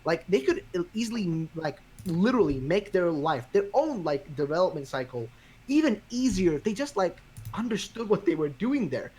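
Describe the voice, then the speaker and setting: A man's voice: sits high, moderate pace, slightly rough. A man hosting a podcast in casual chat, ranting with lots of swearing. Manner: profane, ranting, animated. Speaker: podcast host.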